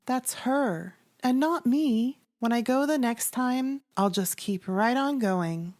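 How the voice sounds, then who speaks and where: A soft, faint spirit girl speaks in a hushed, mellow voice, as a woman narrator puts her on. Her tone sits a little high and warm. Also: expressive, slow. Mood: sulky. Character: ghostly girl Mary speaking through a sick girl.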